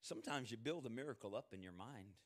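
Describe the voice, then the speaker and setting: A man preaching a sermon, reading scripture aloud and swinging from shouted quotes to hushed, quiet asides. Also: mid-range voice, expressive, fast talker.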